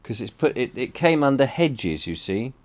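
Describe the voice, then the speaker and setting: A man's voice: mid-range voice, big pitch swings, normal speed. A middle-aged man from England talking in a casual, reflective vlog monologue, wistful and rambling, often trailing off mid-sentence. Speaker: vlogger.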